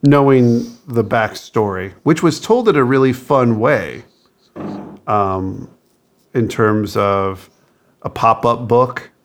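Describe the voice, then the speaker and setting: A man co-hosting a casual movie review podcast, laughing often as he talks. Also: medium pitch. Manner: slow, gravelly, laughs often. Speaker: podcast co-host.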